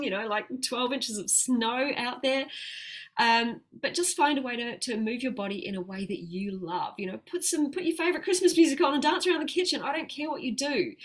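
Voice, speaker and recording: Upbeat woman health coach. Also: a little high. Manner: chatty and upbeat, laughs often, slows down for calm breathing advice. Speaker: plant-based health coach. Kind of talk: live-streamed coaching talk.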